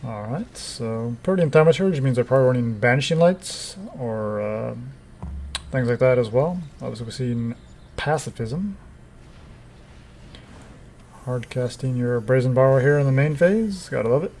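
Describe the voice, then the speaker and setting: Man, mid-pitched voice, relaxed game commentator with dry, wry asides. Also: normal speed, a little hiss or hum. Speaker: gameplay commentator. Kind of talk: casual gameplay commentary.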